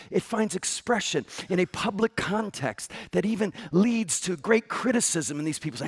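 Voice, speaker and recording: A man preaching a sermon with passion, jumping from loud outbursts to hushed whispers. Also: high-pitched, animated, normal speed, creaky, hardly any pauses, husky. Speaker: pastor.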